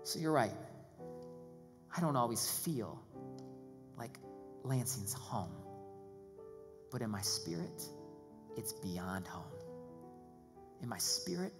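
Male pastor, sermon, rises to loud excited preaching, drops to hushed prayer, long hall reverb, music underneath. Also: fairly low pitch, slow pace, long pauses. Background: music playing.

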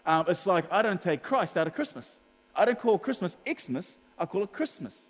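A pastor from New preaches in a relaxed, storytelling way. He acts out conversations and laughs along the way. His voice sits a bit high, and it rings out in a hall with long reverb. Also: normal speed. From New Zealand. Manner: chatty storytelling, acts out dialogue, laughs often. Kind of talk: sermon.

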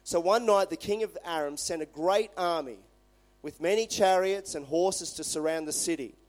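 Brief: male pastor, fairly high voice, conversational animated sermon delivery. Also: moderate pace. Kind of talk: sermon with scripture reading.

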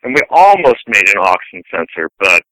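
A middle-aged man speaking as a scientist guest, his voice sharply bright and resonant, recorded dry and close. He tells long, rambling anecdotes in easy conversation, a touch low in pitch. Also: big pitch swings, moderate pace, no room sound, poor audio. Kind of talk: casual conversational interview.

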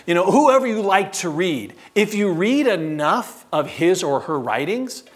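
A man preaching a sermon as pastor, stressing words by slowing down and asking the congregation rhetorical questions. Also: high voice, big pitch swings.

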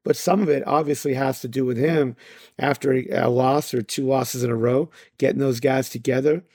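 A man's voice: medium pitch, steady tone, moderate pace, warm tone, no echo. Guy on a podcast rambling along, lots of you-knows, dry mic sound. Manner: rambling, many fillers and restarts. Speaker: podcast co-host. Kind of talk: casual chat.

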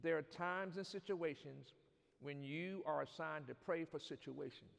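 Man preaching a sermon, gravelly voice, fairly high pitch, call-and-response, church with long reverb. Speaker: pastor.

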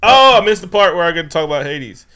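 A man's voice: a little high, very animated, fast talker, pushed and bright. Man, podcast co-host, casual movie recap, swears a lot, laughs often. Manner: loose, profane, laughing storyteller.

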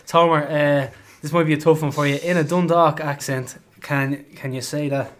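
Brief: male host, upbeat, casual, higher voice. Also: fairly even intonation, moderate pace. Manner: upbeat, running the games. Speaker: podcast host. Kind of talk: casual chat.

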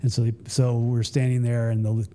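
A middle-aged man from the United States, a retired Special Forces soldier, telling stories casually as a podcast guest and acting out the voices of the people in them. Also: fairly quick. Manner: animated, acts out quoted voices with high pitch jumps. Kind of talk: casual storytelling.

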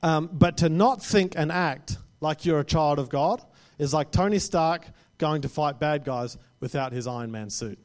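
Casual-talking male preacher, voice a bit high. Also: normal speed, a little mellow. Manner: conversational, often tags lines with "right?". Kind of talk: sermon to a live congregation.

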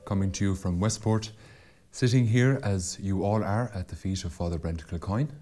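A man's voice: deep voice, normal speed, warm tone, faint music behind. An Irish man, a priest hosting a podcast, who introduces the show and prompts his co-host with short questions. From Ireland. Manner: brief prompting questions and affirmations. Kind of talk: casual conversational podcast talk.

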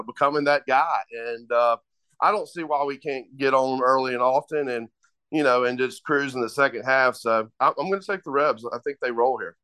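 A man co-hosting a casual sports betting podcast, halting and full of fillers. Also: mid-range voice, a bit bright, smooth, no room sound. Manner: halting, many fillers and restarts.

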